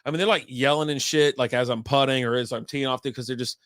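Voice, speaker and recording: This man co-hosts a casual podcast, talking fast at a medium pitch with a steady, slightly bright tone. He tells loose stories full of swearing and acts out other people's lines. The recording is studio quality with no room sound.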